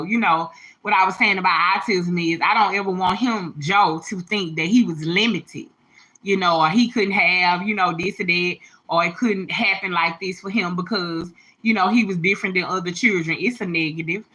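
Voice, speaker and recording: On a casual livestream, a mother speaks directly to her viewers in a bright, forceful, slangy voice, emphatic and heartfelt. She's slightly teary, with a fairly low pitch and a moderate pace.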